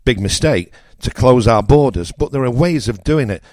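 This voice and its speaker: A man's voice: mid-range voice, lively intonation, normal speed, a little mellow, no echo, studio quality. A man from northern England with a northern English accent, hosting a radio show and delivering a blunt, opinionated political rant with emphatic repetition.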